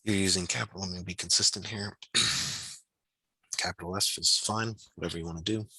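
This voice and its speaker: A man with a deep, bright, husky voice tutors physics over a video call. He thinks out loud in a relaxed, encouraging way and scatters fillers through his explanations. The sound is dry and close. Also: a little fast, dry recording, low-quality recording. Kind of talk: online tutoring session.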